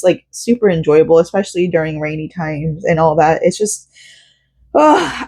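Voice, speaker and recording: A woman's voice: fairly low pitch, darkish tone. A young woman from Central Florida, talking emotionally and rambling with many fillers in a personal vlog. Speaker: vlogger.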